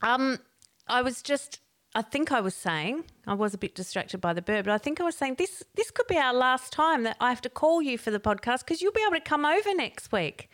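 A woman's voice: high-pitched, lively intonation, a little fast, a bit bright, no echo. Chatty aussie woman hosting a podcast from her shed, laughs a lot, dry close sound. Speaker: podcast host. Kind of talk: casual chat. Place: garden shed.

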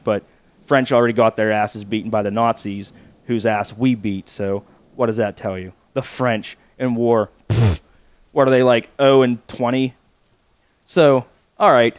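A man's voice: medium pitch, smooth, no room sound. A young man hosting a podcast, rambling in a crass, mocking comedic monologue. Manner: crass, mocking, rambling with sung comic verse. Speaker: podcast host.

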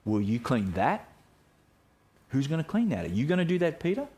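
A man voicing a patient male teacher who corrects with gentle questions. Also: medium pitch, sing-song, moderate pace. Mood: gently probing.

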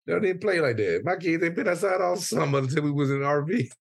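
A man co-hosting a casual podcast chat, venting with a profane, animated story full of quoted back-and-forth. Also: a little high, fast, creaky, husky, no room sound. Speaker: podcast co-host.

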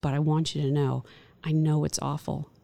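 A middle-aged woman, a hospital chaplain, speaking earnestly and gently in a counseling tone during an interview. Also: sits low, little pitch movement, moderate pace, creaky, no room sound, clean studio sound. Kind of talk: conversational interview.

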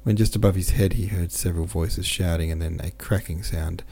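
A man narrating a classic novel as an audiobook in a steady, measured reading. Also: deep voice, creaky, husky.

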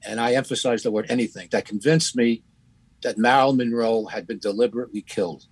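Husky man, halting podcast critique. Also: mid-range voice, no room sound, rough recording. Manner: halting, many fillers and restarts. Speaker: podcast co-host. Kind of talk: casual critique chat.

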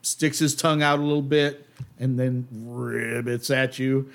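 A man's voice: medium pitch, measured pace, vocal fry. A young man running a tabletop game as game master, talking loosely with many fillers and restarts. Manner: relaxed, hesitant, many fillers.

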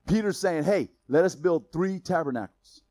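A man with a high voice preaching a relaxed, conversational sermon. He jokes and laughs between points, then drops to a hushed, intense tone. The sound is dry and close, with no room echo. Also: normal speed. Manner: swings from loud emphasis to quiet intensity. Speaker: pastor.

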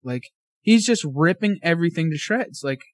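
A man telling a hunting story as a podcast guest, animated, acting out his own and his friend's words. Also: a little high, moderate pace, no room sound.

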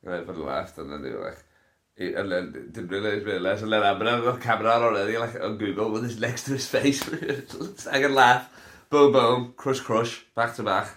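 A man's voice: on the low side, fairly even intonation, a little fast, fairly bright tone. A young man, stoned and hosting a casual solo podcast, rambling through sweary, laughing stories. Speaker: podcast host. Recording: roomy echo.

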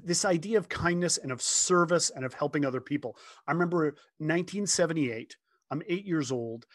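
A man in his fifties, a guest telling a heartfelt story in casual conversation from his home office, earnest and animated, often restarting his sentences. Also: a little high, no room sound, studio quality.

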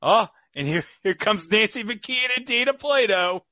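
A man commenting casually on a movie, playful and quick to agree. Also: high-pitched, lively intonation, sharp tone, no echo. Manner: playful, chimes in with short agreements. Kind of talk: casual commentary over a film.

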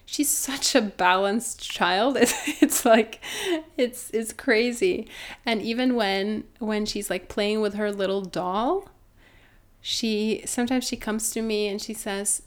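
A woman's voice: mid-range voice, slow. A woman in her thirties, a mother and doula, telling her own story in an earnest, reflective way with many restarts. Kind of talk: personal storytelling in conversation.

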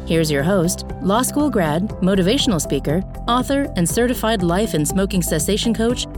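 A woman reads a scripted show intro in an upbeat, promotional way. Her pitch swings lively up and down, with clear music playing underneath. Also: moderate pace. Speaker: show announcer. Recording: intro read over music.

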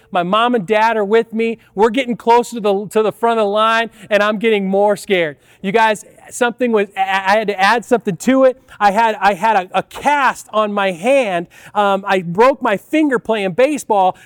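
A man in his fifties delivers a sermon as a pastor, telling a personal story in a chatty, conversational way. His voice sits very high for a man. The sound is dry and close, with no room echo. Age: 50s. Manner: storytelling, conversational, addresses audience as "you guys".

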